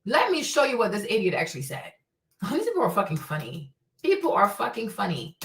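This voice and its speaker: A woman's voice: medium pitch, huge pitch swings, brisk, distant mic. A woman streaming live, commenting in a blunt, indignant, profane way and firing off rhetorical questions. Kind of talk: livestream commentary. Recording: echoey room.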